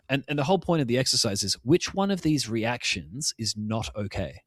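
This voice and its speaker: A man co-hosting a podcast in relaxed, frank conversation, telling stories with lively delivery. His medium voice is recorded dry and close to the mic. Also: mid-range voice, fairly quick, hardly any pauses, dry recording. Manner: frank, storytelling, acts out voices. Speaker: podcast co-host. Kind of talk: casual chat.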